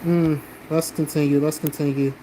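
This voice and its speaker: A man's voice: fairly high pitch, little pitch movement, normal speed, mellow, poor audio. A blunt male streamer from the American South swears freely as he answers his chat. His talk is casual and defensive, with a faint hum of background noise behind it. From South Carolina, American South. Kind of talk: casual live-stream chat reading comments.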